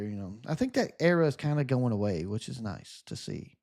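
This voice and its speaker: A man with a Southern US accent chats with his viewers while he plays. His voice is sunny and relaxing, sitting at an ordinary middle pitch, and he talks in an upbeat, friendly way. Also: lively intonation, fairly quick, hardly any pauses, a little mellow. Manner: upbeat, chatty, answers viewer comments. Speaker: gaming streamer. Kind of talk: casual live chat while gaming.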